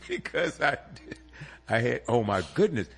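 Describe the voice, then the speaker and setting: A man's voice: mid-range voice, sing-song, moderate pace, gravelly, a bit bright, breathy edge. A man hosting a radio music show, bantering in a jokey, theatrical way and laughing easily. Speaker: radio host.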